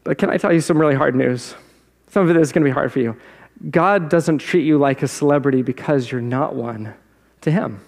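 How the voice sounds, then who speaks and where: A man with a high, light voice preaches to his church in a loose, conversational way, tossing out rhetorical questions to the room. His words ring out with a long reverb trailing behind them. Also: a little mellow. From South Jersey. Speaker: pastor. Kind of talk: sermon. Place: church sanctuary.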